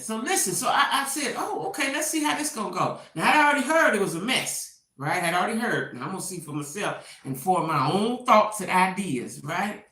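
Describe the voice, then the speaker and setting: A woman's voice: mid-range voice, very animated, fairly quick, sharp tone, echoey room. A woman hosting a casual gossip commentary, chatting straight to her viewers and tagging her points with "right?". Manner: chatty, talks back to viewers by name; peppers talk with 'right?'. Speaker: host.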